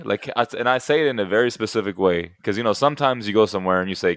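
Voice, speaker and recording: A young man co-hosting a podcast in casual chat, telling animated stories and acting out the people he quotes. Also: mid-range voice, fast talker, few pauses, no echo. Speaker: podcast co-host.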